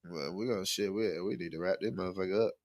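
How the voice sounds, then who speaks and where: A young man co-hosting a podcast in a laid-back way, chuckling and tossing in quick agreeing replies. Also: deep voice, a little mellow, dry recording. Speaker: podcast co-host. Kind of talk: casual podcast chat.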